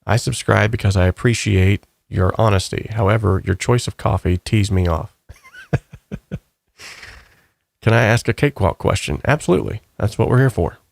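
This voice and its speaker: Male host, low gravelly voice, dry close sound, casual rambling comment-reading. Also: moderate pace, dry recording. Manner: rambling, relaxed, upbeat. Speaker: channel host.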